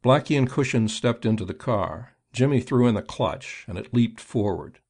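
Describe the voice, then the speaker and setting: Guy reading an audiobook, measured and steady, middle pitch. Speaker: narrator. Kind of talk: audiobook narration.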